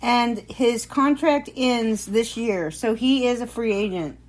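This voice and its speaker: Blunt bantering woman, higher voice. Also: slow pace. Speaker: podcast co-host. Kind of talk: casual fantasy baseball chat.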